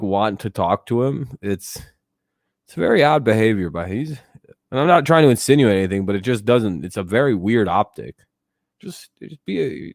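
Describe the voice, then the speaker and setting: A young male streamer talks loosely to his chat, rambling, swearing freely, and chuckling between thoughts. His voice sits slightly low. The sound is dry and close, with no room sound at all.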